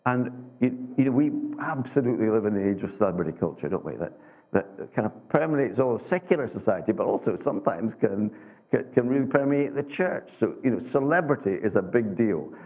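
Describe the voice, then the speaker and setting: A man with a fairly low, expressive voice preaches a sermon conversationally, halting with many restarts, rhetorical questions and tags. The recording has a tinny, phone-like sound.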